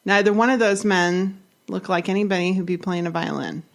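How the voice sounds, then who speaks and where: A woman co-hosting a podcast who reacts to a story with dry, wry questions and quick remarks. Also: on the low side, steady tone, creaky. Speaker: podcast co-host. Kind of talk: casual chat, reacting to a story.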